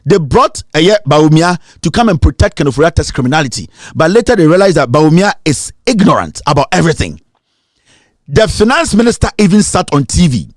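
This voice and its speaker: A Ghanaian man with a fairly high voice, recorded close and dry. He talks in an emphatic, accusatory way, pressing his points hard and slipping between English and Twi. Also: no room sound. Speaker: political commentator. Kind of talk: fiery political rant.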